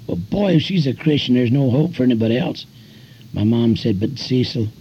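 An older man preaching as an evangelist, telling folksy stories and pushing his voice sharply higher on emphasis. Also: slightly rough. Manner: folksy storytelling preacher, voice climbing high in emphasis. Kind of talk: sermon. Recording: dull lo-fi recording with faint music.

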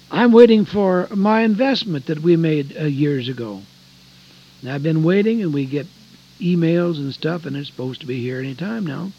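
An older man delivers a folksy radio sermon in a husky, slightly raised voice that leaps up and drops low with emphasis. He moves between loud, pressing phrases and quiet, hushed ones. The recording is dull and lo-fi, like old radio. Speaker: radio preacher.

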